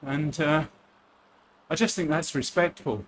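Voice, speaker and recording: A man's voice: a little high, measured pace, a bit bright, slight background noise. A man from Essex with an Essex accent, chatting casually and joking at his own expense while racing. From Essex, England. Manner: chatty, joking, self-deprecating. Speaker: cycling vlogger.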